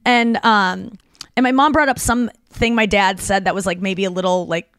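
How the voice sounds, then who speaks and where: A woman's voice: medium pitch, steady tone, normal speed, fairly bright tone, smooth, dry recording. A woman comedian co-hosting a podcast, telling rambling stories in casual chat with lots of "like" and restarts. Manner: chatty, filler-heavy, frequent "like" and restarts.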